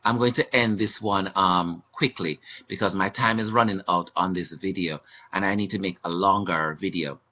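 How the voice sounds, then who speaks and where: A man's voice: fairly even intonation, normal speed, hardly any pauses. A man talking to his webcam, recounting his mistreatment as a hospital patient in an aggrieved, indignant manner. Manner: aggrieved, indignant, acting out quoted exchanges. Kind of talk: webcam testimony monologue. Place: indoors. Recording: dull low-fi webcam audio.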